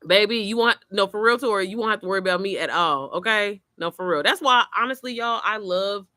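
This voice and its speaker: A woman chatting casually to camera on her computer, animated and quick to laugh, swearing freely as she tells stories. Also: medium pitch, no room sound, studio quality. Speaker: vlogger. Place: outdoors, then inside. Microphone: computer mic.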